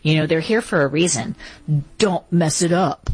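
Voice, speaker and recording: Low-pitched woman co-host with rambling, enthusiastic radio chat. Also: moderate pace, darkish tone, slightly rough, poor audio. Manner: rambling, enthusiastic, with filler words.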